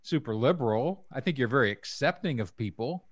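A man's voice: mid-range voice, expressive, fairly quick, dry recording. A man chatting casually with a friend, thoughtful and teasing in turn. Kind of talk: casual chat.

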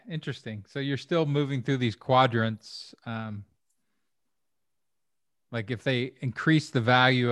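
A man talking through ideas in a loose, rambling way, with frequent restarts. His voice sits at an ordinary pitch. The recording is dry and close, with no room sound. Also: dry recording. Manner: rambling, repeats words, thinks aloud. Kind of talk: conversational interview.

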